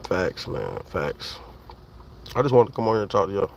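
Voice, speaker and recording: A man's voice: deep voice, sing-song, normal speed, vocal fry, a little hiss or hum. A man, talking casually and profanely to his viewers on a livestream, rambling and speaking straight to the chat.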